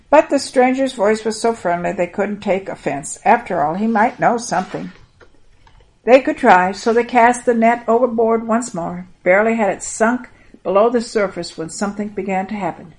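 A woman hosts a children's program and tells a Bible story in an expressive storytelling voice. She talks gently and directly to the young listeners. Her voice sits at a medium pitch. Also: rough recording. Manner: gentle, expressive reading with an affectionate sign-off to kids.

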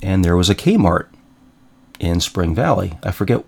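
A man with a low-pitched, sing-song voice that's creaky and husky talks a little slowly as host of his own show. In a casual monologue he tells wry family stories, chuckling now and then in a self-deprecating way.

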